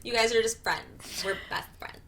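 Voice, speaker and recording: A woman's voice: a little high, moderate pace, fairly bright tone. Dry, teasing young woman co-host. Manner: dry, teasing, short replies. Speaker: podcast co-host. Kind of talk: casual chat.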